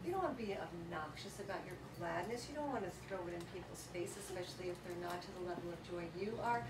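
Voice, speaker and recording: A woman giving a lively motivational workshop talk to a live audience, telling stories animatedly and laughing often. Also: on the low side, fast. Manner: animated storytelling, acts out quotes, laughs often. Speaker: workshop speaker. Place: large hall with live audience. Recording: echoey hall, distant mic, audience noise.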